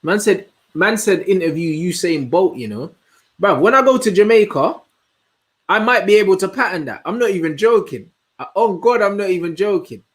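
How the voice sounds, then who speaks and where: Slangy young man, slightly high voice. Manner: slangy, animated, answers chat with quick asides. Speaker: host. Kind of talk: casual livestream chat.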